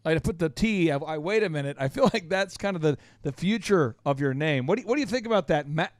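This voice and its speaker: A man's voice: on the high side, lively intonation, quick pace, no room sound. A man hosting a business podcast, teasing his guest in playful, exuberant banter. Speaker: podcast host. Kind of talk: lively radio show banter.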